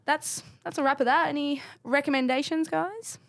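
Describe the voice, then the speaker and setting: A woman co-hosting a podcast, chatting casually and telling stories in an animated way. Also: sits high, moderate pace, creaky, dry recording. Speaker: podcast co-host. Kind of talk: casual chat.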